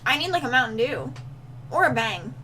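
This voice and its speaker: Brief: woman co-host, giggly and laid-back, high and lively. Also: moderate pace, slight background noise, poor audio. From Alabama. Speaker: podcast co-host. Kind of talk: casual comedic chat.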